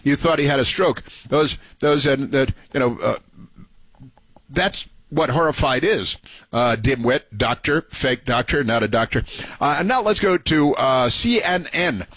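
A man's voice: mid-range voice, animated, measured pace, fairly bright tone, husky, no echo. A man hosting a radio talk show, giving sarcastic political commentary, mocking and repeating phrases for emphasis. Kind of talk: political commentary over played clips.

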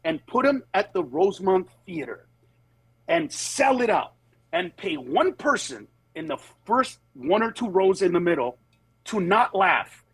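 A man, a comedian guest, telling stories in casual chat, animated and acting out other people in high voices, then turning earnest. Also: unhurried, husky, no echo, low-quality recording. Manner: turns earnest and reflective. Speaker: comedian guest on a talk show.

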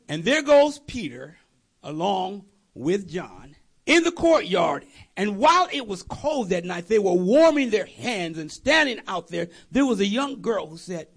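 Male preacher, husky and raspy, high voice; lively storytelling sermon. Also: unhurried. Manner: animated storytelling with voiced characters and chuckles. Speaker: pastor.

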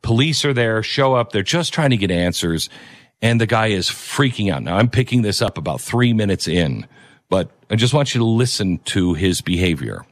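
Animated male commentary host. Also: fairly low pitch, normal speed, dry recording, clean studio sound. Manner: emphatic, repeats key phrases. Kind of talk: opinionated commentary.

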